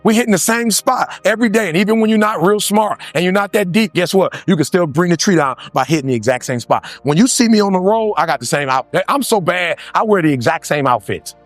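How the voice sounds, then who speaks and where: A man's voice: sits high, fast talker, hardly any pauses, no room sound. Man, motivational speaker, emphatic, dry close sound, faint music underneath. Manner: animated, emphatic, repeats lines, acts out other voices. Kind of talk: motivational speech.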